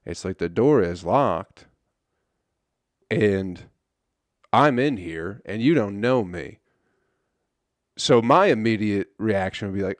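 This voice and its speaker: A man's voice: on the low side, animated, slow pace, long pauses, no echo. A young man hosting a casual solo comedy podcast, telling a story in a loose, profane, friendly way. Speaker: podcast host.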